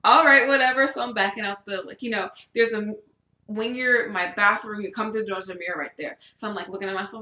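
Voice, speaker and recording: A woman's voice: mid-range voice, reverberant. A young woman co-hosting a casual podcast, telling a story with lots of swearing and laughter. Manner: animated storytelling, swears a lot, laughs often. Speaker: podcast co-host. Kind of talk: casual chat.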